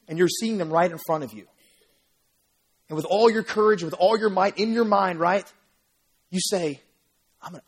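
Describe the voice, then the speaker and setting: A man preaching a sermon as pastor, telling an animated story and often checking in with "right?". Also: high voice, husky. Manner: animated storytelling, acts out crowd voices, asks "right?" often. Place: church sanctuary.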